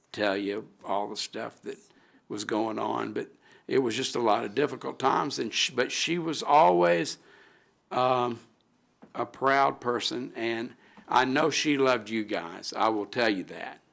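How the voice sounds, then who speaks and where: Gravelly man giving a halting tribute. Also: mid-range voice, a bit bright. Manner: halting, heartfelt, many restarts and trailing pauses. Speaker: city alderman. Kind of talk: emotional tribute speech at a council meeting. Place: city council chamber.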